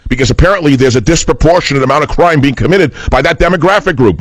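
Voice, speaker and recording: A man's voice: on the high side, fast, dry recording, low-quality recording. A man hosting political talk radio, speaking in a combative, scornful and emphatic way.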